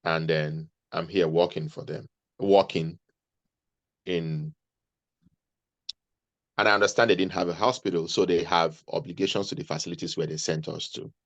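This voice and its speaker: Deep-voiced man giving earnest advice. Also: steady tone, normal speed, pauses often, no echo, lo-fi sound. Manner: earnest, advising, repeats himself mid-sentence. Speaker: interview guest, nurse. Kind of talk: conversational interview.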